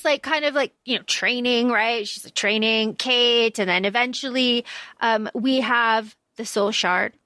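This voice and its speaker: A young woman co-hosting a podcast, chatting casually about a story, blunt and quick to swear while acting out characters' lines. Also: high-pitched, bright, forceful tone, dry recording, clean studio sound. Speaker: podcast co-host. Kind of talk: casual fan discussion.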